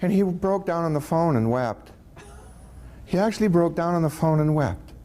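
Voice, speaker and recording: A man telling a personal story in a casual, animated way, chuckling as he goes and acting out the voices of the people he quotes. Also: on the high side, moderate pace.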